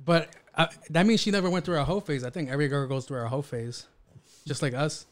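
Male podcast co-host; quick, casual, offhand. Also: fairly high pitch. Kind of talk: casual chat.

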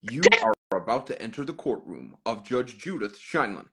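A man's voice: mid-range voice, big pitch swings, bright, forceful tone, breathy edge, pitched below the performer's own voice, full character voice. A man putting on an American accent to play a dramatic TV court announcer. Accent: American, put on. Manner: slow, dramatic announcer delivery.

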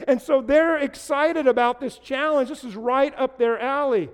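High-voiced pastor in a reverberant hall. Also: male voice, moderate pace, clean tone. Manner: conversational, asks the online audience to answer; playful asides and puns. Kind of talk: livestreamed sermon. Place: large room with no live audience.

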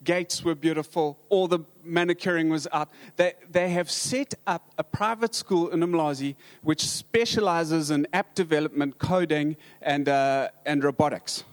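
A man with a South African accent, a pastor telling humorous stories in a sermon, halting with many restarts and dry humor. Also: a little high.

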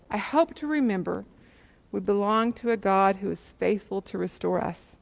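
A woman preacher retells a parable at a mid-range pitch, steady and earnest, often turning questions to her listeners. Her voice carries a long hall reverb. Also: normal speed, gravelly. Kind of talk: sermon.

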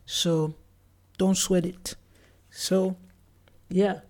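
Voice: mid-range voice, little pitch movement, drawn-out words, darkish tone. A solo podcast host recounting their day in a loose, chatty way. The talk is full of "like" fillers, and the host acts out what other people said along the way. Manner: chatty, with many "like" fillers and acted-out quotes. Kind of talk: casual solo storytelling.

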